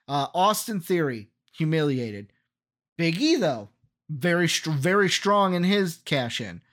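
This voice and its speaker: A man's voice: a little high, sing-song, a little slow, fairly bright tone. A man co-hosting a wrestling podcast in casual chat, reeling off facts and giving blunt opinions. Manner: lists facts matter-of-factly, blunt opinions. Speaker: podcast co-host.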